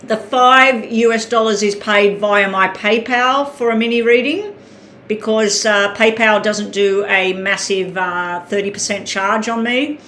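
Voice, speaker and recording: A woman's voice: medium pitch, a little slow, fairly bright tone. Chatty Australian woman live-streaming. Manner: chatty, reads out names, talks while eating. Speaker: tarot reader. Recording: echoey room with faint ambient noise.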